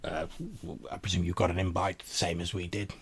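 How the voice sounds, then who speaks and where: A man's voice: low-pitched, level tone, a bit bright, slightly rough, exaggerated voice. A man voicing a genteel old vampire crone. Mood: courteous. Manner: formal, courteous, halting with repeated words.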